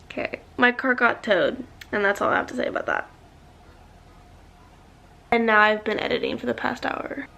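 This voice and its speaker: A woman's voice: fairly high pitch, normal speed, creaky, pauses often, sharp tone, a little hiss or hum. A young woman vlogging casually to her phone camera, chatty and exasperated, laughing easily and running on no sleep. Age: young adult. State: sleep-deprived. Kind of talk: casual vlog chat to camera.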